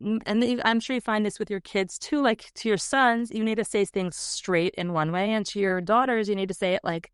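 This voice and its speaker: A woman educator and author speaking as a podcast guest, animated and often acting out quoted voices. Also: medium pitch, fairly quick, hardly any pauses, clean tone, no room sound, clean studio sound. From United States. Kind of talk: podcast interview.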